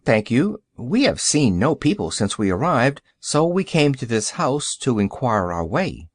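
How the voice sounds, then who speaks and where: A man voicing a kindly, courteous old male wizard in a polite, measured way. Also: medium pitch, big pitch swings, dry recording, studio quality.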